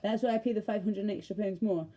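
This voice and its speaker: Husky Glaswegian woman ranting. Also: medium pitch, fairly even intonation, fast talker, mellow, muffled recording. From Scotland. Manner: passionate, profane, rambling. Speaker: vlogger. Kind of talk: ranting monologue.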